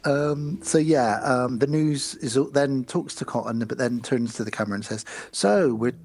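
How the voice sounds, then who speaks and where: Note: husky podcast co-host, chatty recap, loose and rambling. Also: male voice, medium pitch, steady tone, normal speed, a little mellow. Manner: rambling, chatty, swears, many ums. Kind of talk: casual chat recapping a film.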